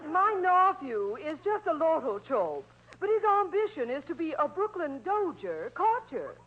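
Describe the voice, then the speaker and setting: A woman's voice: very high voice, lively intonation, unhurried, phone-quality sound. An actress playing a sassy young woman shopper who comically mangles her words, on an old radio comedy show. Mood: teasing. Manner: comic mispronunciations. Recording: hissy old radio broadcast.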